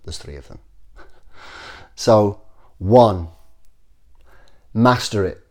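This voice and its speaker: Host: middle-aged man, fairly low voice, earnest and repetitive, acts out sample dialogues. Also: drawn-out words, pauses often, a little mellow. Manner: earnest, repeats phrases, acts out example dialogue. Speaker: self-development video host. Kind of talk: casual talk to camera.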